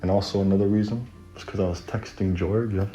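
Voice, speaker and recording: A man's voice: on the low side, fairly even intonation, fast, mellow, dull audio, faint music behind. A man telling a personal story in a casual, rambling, slangy way, laughing at it now and then.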